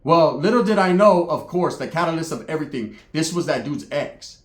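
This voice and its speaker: A man's voice: fairly high pitch, brisk, reverberant. A man telling a comic story in a profane, slangy way, acting out other people's voices. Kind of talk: comedic storytelling monologue.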